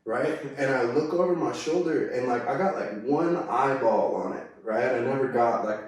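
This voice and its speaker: A man's voice: medium pitch, normal speed. A man from California telling a story in a casual, slangy way, often saying "dude" and "like.". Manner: laid-back slangy talk full of "dude", "like" and "right?". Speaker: guest. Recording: very echoey, mic far away.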